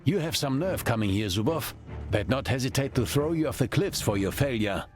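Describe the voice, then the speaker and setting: A man's voice: medium pitch, expressive, brisk, a little mellow, soft background music, natural voice. An actor playing a stern male general who coldly threatens a rival officer in a game cutscene. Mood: menacing. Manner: cold, threatening. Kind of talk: video game cutscene acting.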